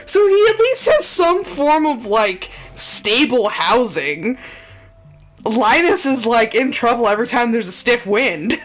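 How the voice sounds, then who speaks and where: A woman's voice: a little high, sing-song, unhurried, soft background music. A woman streamer chatting casually and laughing often while commenting on a game she is playing live.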